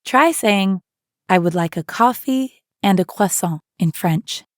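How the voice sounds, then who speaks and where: A woman's voice: medium pitch, animated, a little slow, background noise. A woman hosting an audio language lesson, narrating scenes and encouraging the listener in an upbeat, scripted way.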